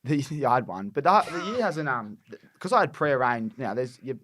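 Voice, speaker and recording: A man's voice: medium pitch, big pitch swings, fairly quick, a bit bright, no room sound, studio quality. A young man on a podcast, telling stories in a laid-back way with plenty of fillers. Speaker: podcast guest, former footballer. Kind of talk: casual chat.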